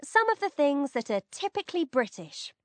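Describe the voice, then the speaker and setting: A woman co-hosts a podcast in scripted, casual chat. She is bright and chatty, with a high voice that moves a lot. The recording is dry and close. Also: sing-song, normal speed, no echo. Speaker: podcast co-host.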